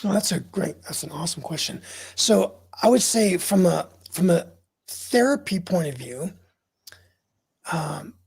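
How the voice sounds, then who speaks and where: A man's voice: high-pitched, expressive, measured pace, gravelly, darkish tone, slightly rough. A middle-aged man as an interview guest, telling his story in a frank, earnest way. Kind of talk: candid interview talk.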